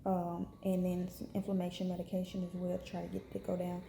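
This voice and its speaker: Young woman, frank chatty vlog, unwell, even flat delivery, roomy echo. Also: on the low side, fast, gravelly, a little hiss or hum. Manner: frank, chatty, many fillers. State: unwell, in pain. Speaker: vlogger. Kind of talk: casual storytelling to camera. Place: hospital room.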